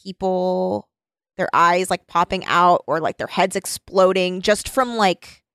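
A woman's voice: on the low side, fairly even intonation, a little slow, fairly bright tone, clear, resonant tone, no room sound, clean studio sound. A woman co-hosting a casual chat, talking loosely with lots of fillers and giggles. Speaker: podcast co-host.

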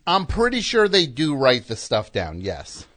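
Deadpan male radio host. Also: medium pitch, measured pace. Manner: dry, deadpan interjections. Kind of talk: radio call-in comedy.

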